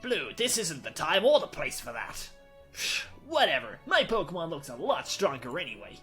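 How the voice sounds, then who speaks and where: A smug teenage rival taunts with a slow, lazy drawl, as a woman puts him on. His voice sits raised and pushy. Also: deep voice, big pitch swings, a bit bright, soft background music, voice pushed up. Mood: cocky. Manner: cocky and dismissive. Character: cocky teenage boy rival.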